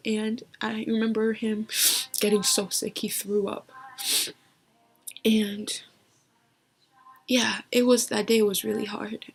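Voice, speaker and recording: A young woman telling a personal story to camera, halting and emotional, often dropping to a whisper, with many fillers. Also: medium pitch, husky, poor audio. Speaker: vlogger.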